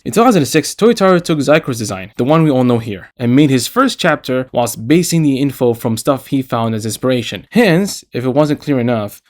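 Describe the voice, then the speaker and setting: Animated man narrating a video essay. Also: mid-range voice. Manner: animated, casual asides.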